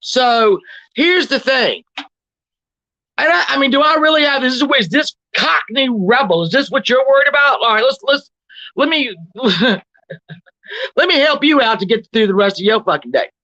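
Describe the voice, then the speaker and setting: A combative woman livestreamer tears into her critics with profanity and mockery, reading chat comments aloud and snapping back at each one. Her voice sits at a middling pitch and sounds dry and close. The recording is dull and slightly lo-fi. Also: lively intonation, moderate pace, a bit bright, no echo. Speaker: livestream host. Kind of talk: confrontational livestream rant.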